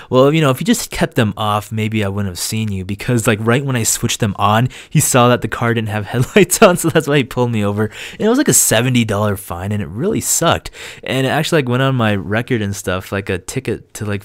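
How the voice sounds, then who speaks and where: A young man hosting a video channel, telling a story in a casual, animated way, laughing often and acting out quoted voices. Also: on the low side, no room sound. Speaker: gaming channel host.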